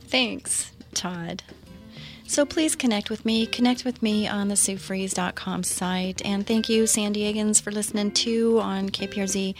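A woman's voice: mid-range voice, fairly even intonation, unhurried, soft background music. A middle-aged woman hosting a faith-based radio talk show, earnest and encouraging, laughing often.

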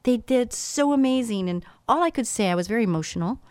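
A woman's voice: a little high, animated, quick pace, a little mellow, no echo. A middle-aged woman giving an earnest, emotional motivational talk about trust and faith, speaking as a business owner and coach.

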